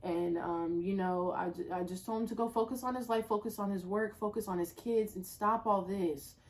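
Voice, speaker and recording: A woman telling a personal story in a casual storytime vlog, slangy and profane, swinging from low muttering to loud exclamations. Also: normal speed. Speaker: storyteller vlogger.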